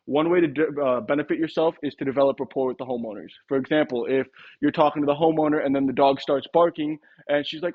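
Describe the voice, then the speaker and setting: A man's voice: fairly high pitch, steady tone, lo-fi sound. A young man teaching a sales method in a casual instructional talk, now and then acting out short sample dialogues. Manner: casual, quick, acts out little sample dialogues. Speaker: sales trainer.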